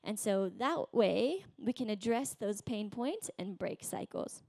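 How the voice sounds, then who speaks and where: A woman in her thirties preaching a sermon in a conversational way, tagging her points with a quick "right?" and acting out quoted voices. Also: expressive, vocal fry, darkish tone, no echo. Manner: acts out voices in quotes, rising high. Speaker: pastor.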